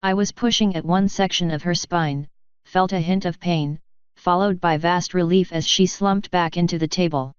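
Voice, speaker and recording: Smooth-voiced woman reading fanfiction aloud. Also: on the low side, steady tone, moderate pace, dry recording, dull audio. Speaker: fanfiction reader. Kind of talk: audiobook narration.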